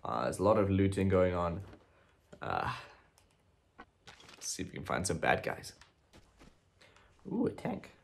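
Gravelly young man doing game commentary. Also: low voice, expressive, unhurried, long pauses. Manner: chatty, swears a lot, lots of ums. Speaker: gaming channel host. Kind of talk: casual gameplay commentary.

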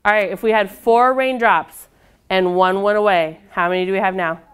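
A woman's voice: medium pitch, moderate pace, a bit bright, clean tone. A young woman leading a children's storytime, reading aloud and guiding rhymes in a patient, encouraging, sing-song way. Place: indoor storytime room with children.

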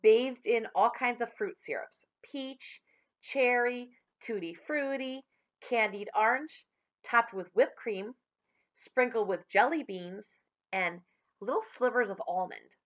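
Woman, children's book read-aloud, animated pitch, chatty asides. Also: slow. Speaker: reader for children.

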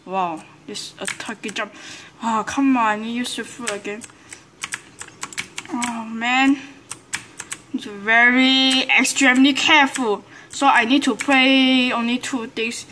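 High excitable woman gamer. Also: slow, a little hiss or hum. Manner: excitable, frequent exclamations and groans, broken English. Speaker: gameplay commentator. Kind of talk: live gameplay commentary.

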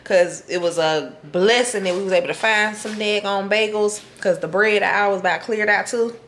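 A woman vlogger talks to her viewers from her home kitchen in a chatty, colloquial way, frequently saying "y'all." She speaks at normal speed in a mid-range, fairly bright voice, and there is slight background noise.

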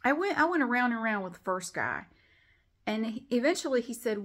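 A middle-aged woman with a drawl tells a long story straight to her camera at home. She sounds exasperated and animated, and she slips into lively retellings as she goes. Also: fairly high pitch, brisk. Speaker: vlogger.

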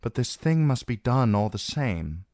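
A man's voice: mid-range voice, sing-song, unhurried, darkish tone, dry recording, studio quality, pitched above the performer's own voice. A man voicing a young queen who speaks with bitter, resolute command in an audiobook reading. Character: young grieving queen, woman, proud and commanding.

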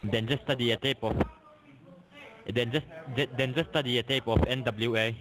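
A man's voice: mid-range voice, fairly even intonation, normal speed, noisy background. A man on a phone call posing as an agency caller, insulting and combative. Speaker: phone scammer.

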